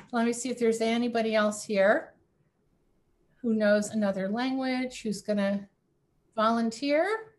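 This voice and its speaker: A woman leading an online religious service over a video call, inviting people in a gentle, unhurried way. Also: on the high side. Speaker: service leader.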